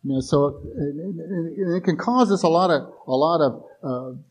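A man's voice: on the high side, animated, moderate pace, a little mellow. A male pastor preaching a sermon in a folksy, conversational way, often restarting sentences and acting out everyday voices in quoted asides.

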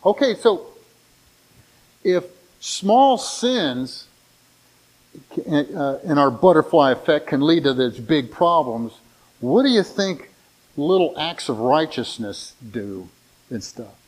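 A man preaching a sermon in a conversational way, slowing down and lifting his voice when he reads scripture. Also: on the high side, lively intonation, darkish tone, poor audio. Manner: conversational, with frequent restarts and fillers; slows down and lifts his voice when reading scripture. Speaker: pastor.

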